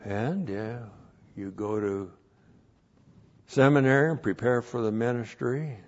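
A man preaching a sermon and teaching the Bible as a pastor, repeating phrases and rising loud to stress a point. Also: mid-range voice, a little slow. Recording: dull lo-fi recording.

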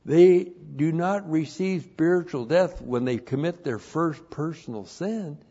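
A man teaching scripture in a sermon, emphatic and deliberate, laying out numbered points and repeating each one, on a dull lo-fi recording. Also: a little high, dark tone, husky. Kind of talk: verse-by-verse Bible teaching sermon.

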